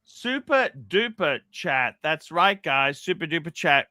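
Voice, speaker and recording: Australian male co-host, 50s, high bright voice, wry and crude. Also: big pitch swings, no echo. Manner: crude, wry and slow-drawling. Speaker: co-host reading super chats. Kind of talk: casual livestream banter.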